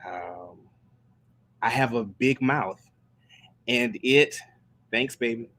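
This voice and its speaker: A man's voice: mid-range voice, takes it slowly, a bit bright. A man who sings gospel and leads worship, chatting casually on a live stream and telling stories in a meandering way with many restarts. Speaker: gospel singer and worship leader.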